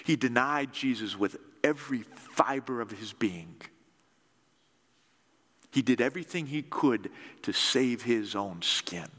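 A man preaching a sermon in a lively, conversational storytelling way. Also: medium pitch, a little slow, long reverb tail. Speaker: pastor.

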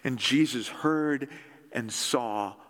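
A man preaching a sermon in a lively, conversational storytelling way. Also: medium pitch, slow pace, long reverb tail. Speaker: pastor.

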